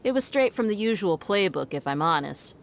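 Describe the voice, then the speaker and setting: An actress playing a confident, laid-back desert mercenary in a video game. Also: female voice, mid-range voice, animated, brisk, noisy background, close to an everyday voice. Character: tough, easygoing desert mercenary woman. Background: game music.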